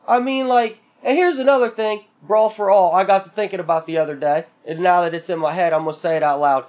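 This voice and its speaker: A man's voice: high voice, steady tone, fast talker, hardly any pauses, darkish tone, dull audio. A man co-hosting a podcast, venting in a profane, exasperated rant full of sarcastic mock quotes. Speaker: podcast co-host.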